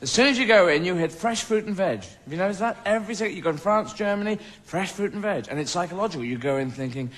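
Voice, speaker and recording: Rambling English comic, bright lively voice. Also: male voice, high voice, fast, few pauses. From England. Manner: rambling, playful, slips into silly voices. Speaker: stand-up comedian. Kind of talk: stand-up comedy. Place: stage in front of an audience.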